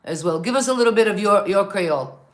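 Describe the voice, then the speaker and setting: A woman's voice: medium pitch, expressive. Eager woman interview host. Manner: eager, affirming, quick to agree. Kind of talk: casual interview.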